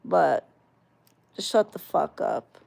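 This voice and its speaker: Slow-talking profane woman ranting. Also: fairly low pitch, gravelly, a little mellow. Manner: profane, combative, mocking. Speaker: video channel creator. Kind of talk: ranting vlog.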